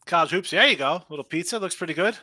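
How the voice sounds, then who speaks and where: A man's voice: sits high, quick pace, no room sound, clean studio sound. A man co-hosting a casual sports betting stream, rambling through stories and laughing often. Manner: rambling, animated storyteller who laughs often. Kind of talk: casual chat.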